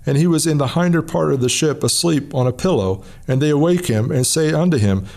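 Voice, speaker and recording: A man hosting a programme, reading scripture aloud in a measured, solemn way in a studio. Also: on the high side, gravelly, a little mellow. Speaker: host and Bible reader.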